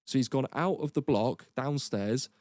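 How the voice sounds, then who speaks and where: A man, an army veteran guest telling rapid, sweary, laughing anecdotes in a casual podcast chat. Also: mid-range voice, darkish tone, no echo, clean studio sound.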